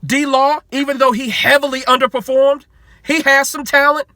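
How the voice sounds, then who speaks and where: Guy in his 20s going off on his team, really high sharp voice, tons of rhetorical questions, swears a lot, dry sound. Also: flat delivery, moderate pace, no room sound. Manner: heated, repetitive rhetorical questions, swears freely. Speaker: sports vlogger. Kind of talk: ranting sports commentary.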